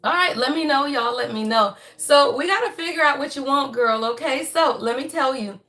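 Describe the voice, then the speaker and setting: A woman's voice: sits high, moderate pace, sharp tone. A woman hosting a casual livestream astrology reading, chatty and folksy, who keeps calling her viewers y'all. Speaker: astrology and tarot reading host.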